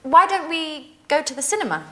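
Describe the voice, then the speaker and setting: A woman's voice: high-pitched, sing-song, brisk. An actress playing a friendly British young woman introducing her neighbours in a scripted learner drama.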